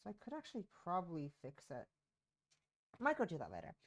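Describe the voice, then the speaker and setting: A woman's voice: on the low side, huge pitch swings, brisk. Rambling woman streamer with sore throat. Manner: rambling, self-interrupting, chatty. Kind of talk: casual gameplay chat. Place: home.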